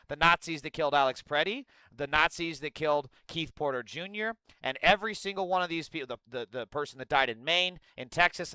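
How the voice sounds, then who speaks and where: A man's voice: a little high, sharp tone, smooth, no room sound. A man giving angry, profane, sarcastic live political commentary and answering his chat. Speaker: streamer host.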